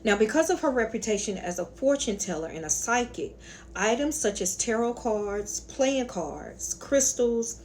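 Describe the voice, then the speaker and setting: A sassy woman with a Southern accent tells her story in a casual, colloquial style and speaks straight to her viewers as honey and y'all. Her voice sits at a plain middle pitch. A faint room ambience hums behind her. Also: a little mellow, slight background noise. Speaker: spiritual channel host.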